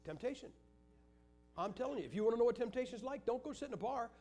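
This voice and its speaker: A man's voice: very high-pitched, animated, fast talker, mellow, faint music behind. An older man preaching in a church, teaching Sunday school with joking stories. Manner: joking, anecdotal storytelling.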